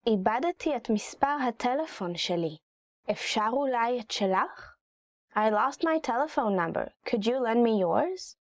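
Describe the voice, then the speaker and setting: A chatty, giggly woman with a fairly high voice gives a casual lesson. She reads phrases quickly, then explains them with plenty of "like" fillers. The recording is dry and close. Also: no room sound. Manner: reads Hebrew lines quickly, then translates. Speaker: language teacher. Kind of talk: casual lesson reading Hebrew phrases with commentary.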